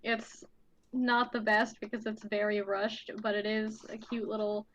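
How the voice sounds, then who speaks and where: A woman's voice: medium pitch, level tone, unhurried, a bit bright, rough recording. A woman guest chatting casually on a livestream, telling work stories with many "like" fillers. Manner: chatty storyteller, lots of "like" fillers. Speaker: guest artist.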